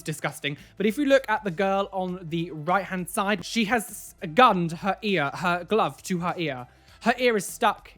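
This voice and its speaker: A man's voice: sits high, a bit bright. A man hosting a casual reaction video, talking in an incredulous way that is full of repeated "like" and "what", and giving preachy warnings to viewers.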